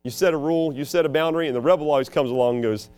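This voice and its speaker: A preacher who also teaches school, delivering a dramatic sermon, swinging between loud emphasis and hushed asides. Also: male voice, fairly high pitch, rapid-fire, clear, resonant tone, faint music behind.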